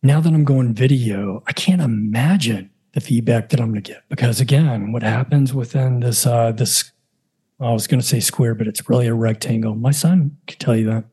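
A man's voice: medium pitch, moderate pace, dark tone, husky. A middle-aged man and father hosting his own podcast, talking casually in a self-deprecating, joking, rambling way from his home setup. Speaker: podcast host. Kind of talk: casual solo podcast talk.

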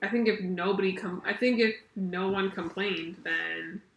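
A woman's voice: medium pitch, steady tone, normal speed, vocal fry. A woman chatting casually as a podcast co-host, blunt, laughing often and filling with "like". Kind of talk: casual chat. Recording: echoey room.

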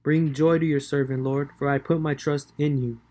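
A man's voice: on the high side, little pitch movement, normal speed, mellow. A man giving a casual devotional talk on scripture, slangy and conversational with many fillers. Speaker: devotional speaker.

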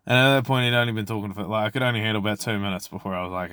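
Podcast host, man in his 20s, low voice, dry close sound, sweary rambling rant. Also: steady tone, racing, a bit bright, clean tone, no room sound. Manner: profane, rambling, exasperated venting. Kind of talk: casual solo podcast rant.

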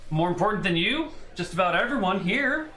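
A man's voice: high-pitched, expressive, a little fast, sharp tone, slight background noise, voice pushed up. A man voicing a rowdy male soldier who mocks and taunts. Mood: mocking. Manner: mocking, taunting. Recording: roomy echo.

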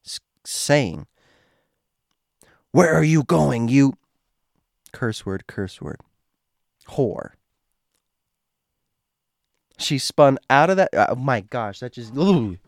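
A man's voice: mid-range voice, no echo, clean studio sound. A man hosting a show, reading a creepy true story aloud, stumbling over words and adding his own asides. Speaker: host reading a story post.

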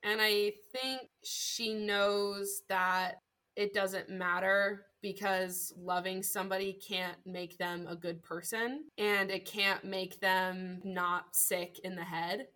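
A woman's voice: medium pitch, steady tone, takes it slowly, sharp tone. A woman player in a tabletop role-play game, speaking fiercely in character as a mother and swearing freely.

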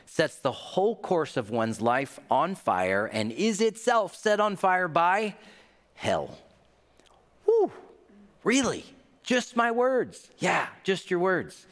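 Man, pastor, sermon, animated storytelling, lively pitch, long hall reverb. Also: measured pace. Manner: animated storytelling with acted-out quotes. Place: large hall.

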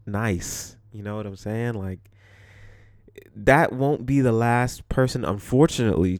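A young podcast host from the Bronx, New York, delivers a casual solo monologue, blunt and profane, laughing as he tells stories and jokes. His voice sits on the low side with a darkish tone, recorded in studio quality with no echo.

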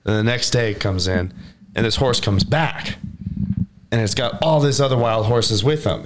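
A man's voice: lowish voice, normal speed. A man co-hosting a casual podcast chat, telling a parable and acting out the townsfolk's voices. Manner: animated storyteller, acts out townsfolk voices. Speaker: podcast co-host.

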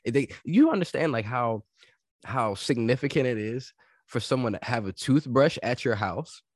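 A man's voice: mid-range voice, lively intonation, moderate pace, slightly rough, no room sound, studio quality. A man in his thirties in casual podcast chat, opinionated and emphatic, jumping in with questions.

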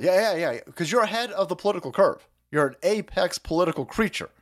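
A man in his thirties hosts a stream and tears into politics in a high, expressive voice, talking fast with hardly any pauses. This podcast host is profane and mocking and keeps breaking into silly voices.

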